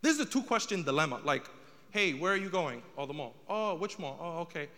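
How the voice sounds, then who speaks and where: A man's voice: a little high, big pitch swings, brisk, bright, forceful tone, big-room sound. A young man doing a stand-up comedy set, telling a story with rising exasperation.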